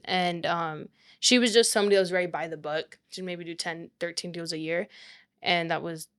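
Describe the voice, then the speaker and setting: A woman's voice: lowish voice, brisk. A young woman, a real estate agent, telling a story in casual chat, full of "like" and quoted speech. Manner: animated, quotes people often with "like".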